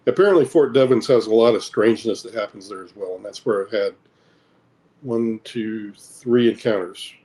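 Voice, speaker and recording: A man's voice: fairly low pitch, normal speed, warm tone. A middle-aged American man, an interview guest, recounting personal experiences in a hesitant way, with repeated words and many fillers. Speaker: interview guest, military veteran.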